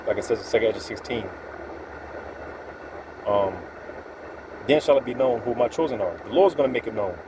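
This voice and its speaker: A man's voice: mid-range voice, expressive, a little fast, pauses often, background noise. A man giving an informal, profane, streetwise religious talk, quoting scripture with emphatic asides. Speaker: preacher.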